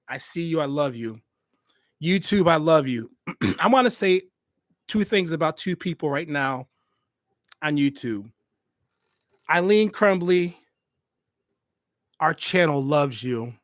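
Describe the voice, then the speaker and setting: The host of a hospitality YouTube channel, a man with a slightly high voice, talks casually and straight to his livestream viewers. He's emphatic and repeats phrases for weight. His USB desk microphone delivers clean studio sound without echo.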